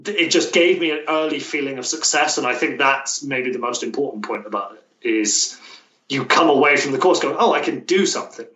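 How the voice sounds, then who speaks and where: British male guest, chatty with restarts and fillers; bright tone, echoey room. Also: mid-range voice, normal speed. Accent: British English. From Britain. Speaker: guest, language coach. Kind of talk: casual interview chat. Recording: roomy, distant, dull remote-call sound.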